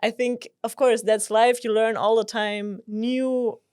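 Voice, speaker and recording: A woman's voice: on the high side, flat delivery, slow, darkish tone, clean tone, no echo. Woman with a dry, close sound, speaking hesitantly. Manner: thoughtful, hesitant, with fillers like "uh" and "like". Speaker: guest, mentor. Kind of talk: casual podcast chat.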